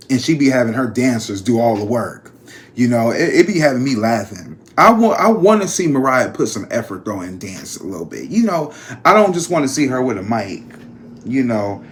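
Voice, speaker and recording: A man hosting a casual gossip vlog, chatty and slangy, talking straight to his viewers with animated jumps in pitch. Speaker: psychic channel host.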